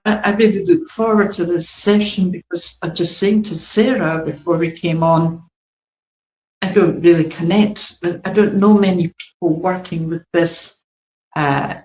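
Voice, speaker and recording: Woman spiritual teacher talking real slow and gentle, rambly, echoey room. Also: on the low side, steady tone, dull audio. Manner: slow, gentle, meandering, with many fillers. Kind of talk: spiritual talk to an online group.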